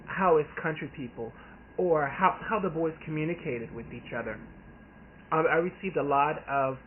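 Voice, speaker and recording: A man from the Deep South, an author talking casually and earnestly, rambling with restarts. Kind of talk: casual vlog talk. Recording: tinny phone-like audio with faint hiss.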